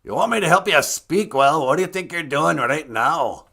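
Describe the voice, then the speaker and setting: A man's voice: fairly high pitch, lively intonation, moderate pace, vocal fry, sharp tone, exaggerated voice. A man voicing the Great Spirit as a laid-back, teasing father figure who calls him son.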